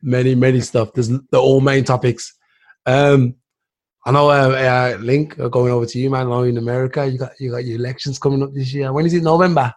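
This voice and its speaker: A man's voice: medium pitch, little pitch movement, brisk. A man hosting a casual podcast chat, laid-back, peppering his talk with "man" and "dude". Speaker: podcast host. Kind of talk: casual banter.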